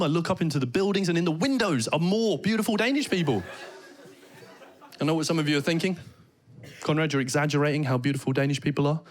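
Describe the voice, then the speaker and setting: British male stand-up comic, a touch high-pitched, animated storyteller on stage. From Britain. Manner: animated storytelling with mock Danish phrases. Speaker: stand-up comedian. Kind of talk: stand-up comedy. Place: theater stage before a laughing audience.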